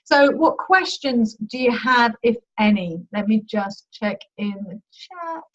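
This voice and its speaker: A woman's voice: on the high side, expressive, takes it slowly. A woman coach leading a live online masterclass in a chatty, upbeat, informal manner. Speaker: money mindset coach. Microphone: video call. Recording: dull lo-fi video call audio.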